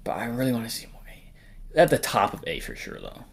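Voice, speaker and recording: A man's voice: mid-range voice, sing-song, a little fast. A man hosting a casual tier-list ranking, talking in a rambling, jokey way, swearing often and sometimes trailing off into mumbles and whispers. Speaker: host.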